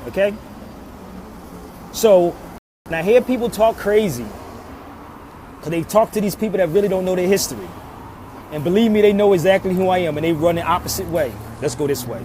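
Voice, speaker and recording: A man from Philadelphia lectures in the open air, earnest and insistent, circling back to the same pleas again and again. His voice sits a little on the high side. City traffic rumbles clearly behind him. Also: moderate pace, pauses often, dark tone. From Philadelphia, USA. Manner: emphatic and preachy, repeating pleas. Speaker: social media commentator. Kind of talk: impassioned street monologue. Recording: outdoor traffic noise.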